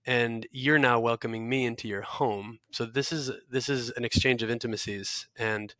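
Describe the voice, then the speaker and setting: A man's voice: mid-range voice, steady tone, normal speed, sharp tone, dry recording. A young man, a guest author, telling a reflective story in an interview, earnest and searching, with frequent restarts and fillers.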